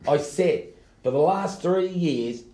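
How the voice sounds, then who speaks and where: A man, co-hosting a podcast in a teasing, excitable, blokey way. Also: fairly high pitch, takes it slowly. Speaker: podcast co-host. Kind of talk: casual banter. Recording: echoey room.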